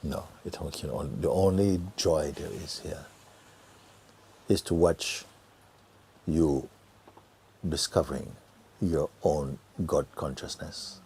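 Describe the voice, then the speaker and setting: A middle-aged man giving a gentle satsang talk as a spiritual teacher, often dropping to a near whisper and laughing easily. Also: extremely low pitch, steady tone, takes it slowly, pauses often, a little hiss or hum. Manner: laughs easily, joyful and earnest.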